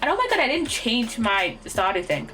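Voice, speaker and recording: This young British woman streaming a game has a high-leaning, pushed, bright voice with big pitch swings at normal speed. Her casual gaming chat rambles, full of verbal stumbles and giggles, over faint lofi music.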